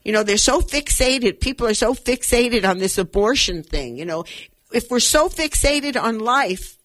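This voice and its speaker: A woman's voice: on the high side, animated, moderate pace, a bit bright. An older woman hosting a radio talk show, speaking with earnest, emotional conviction and rambling, restarting sentences. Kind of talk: impassioned commentary.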